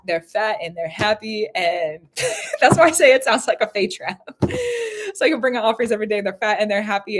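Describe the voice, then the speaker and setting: A woman's voice: medium pitch, a little fast. A woman giving a live spiritual reading in casual chat, who laughs often and repeats phrases. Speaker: spiritual reader.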